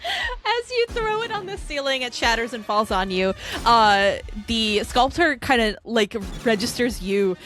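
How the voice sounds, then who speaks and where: A woman's voice: a little high, big pitch swings, measured pace, a bit bright, soft background music. A woman game master who narrates the action loosely, with lots of "like" and "um" and frequent laughing. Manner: giggly, loose, peppered with likes and ums. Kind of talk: running a tabletop game, casual.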